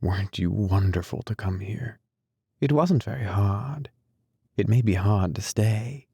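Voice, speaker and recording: Young woman, tender, soft, affectionate, man raising his voice for her, slow, audiobook character. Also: lowish voice, vocal fry, slightly rough, no echo, studio quality, exaggerated voice.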